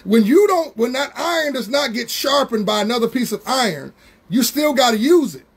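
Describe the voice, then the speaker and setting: A man preaching a Bible study sermon, drawing words out slowly for emphasis and calling out to members of the congregation. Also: extremely high pitch, expressive, slightly rough. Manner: preaching with slow, drawn-out emphasis and call-outs to congregation members.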